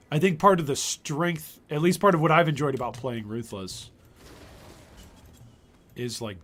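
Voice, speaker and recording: A gaming streamer chats casually on a live stream as he plays, his medium-pitched, slightly bright voice wearing thin as he thinks out loud and lets sentences trail off. He's losing his voice, and there's a little background noise.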